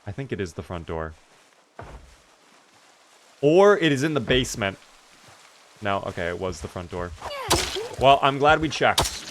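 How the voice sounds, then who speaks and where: Background noise accompanies a young man with a mid-range voice who is live-streaming a survival game. Chatting casually, he reads out messages from chat and erupts in animated frustration at his character.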